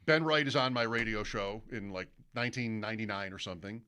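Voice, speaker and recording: A male sports radio host telling a long anecdote in casual studio chat, animated and mimicking broadcaster calls. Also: fairly low pitch, fast talker.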